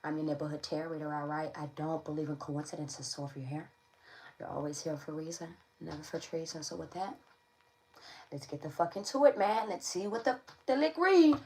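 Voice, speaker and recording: A woman's voice: low-pitched, brisk, a little mellow, poor audio. A woman giving a casual tarot reading to camera, slangy and playful, often checking in with her listeners. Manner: slangy, playful, keeps checking in with "all right?". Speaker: tarot reader.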